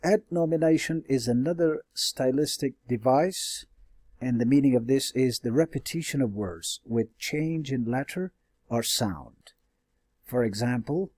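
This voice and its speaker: A male teacher with a medium-pitched, slightly mellow voice lectures a class on stylistic devices a little slowly. He explains step by step, full of hesitant fillers, self-corrections, and frequent checks like "all right?". The recording is dry.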